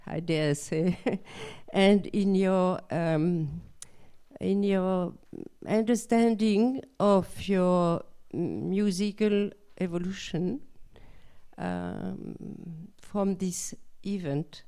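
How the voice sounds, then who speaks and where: A woman with a French accent asks a guest a question from the audience, slowly and with many pauses. Her voice sits low and mellow, her phrasing polite and hesitant. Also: clean tone. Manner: halting and polite, with long pauses. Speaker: audience member asking a question.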